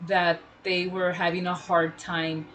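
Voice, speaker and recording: Animated woman sharing her story. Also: fairly low pitch, measured pace, rough recording. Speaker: podcast co-host. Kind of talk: casual chat.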